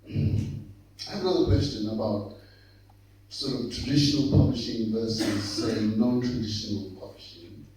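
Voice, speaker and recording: A man's voice: medium pitch, warm tone. Man chairing a panel in an echoey hall. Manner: hesitant, many fillers and restarts. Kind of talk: conference panel moderating. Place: conference hall. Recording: echoey hall from far off with faint hum.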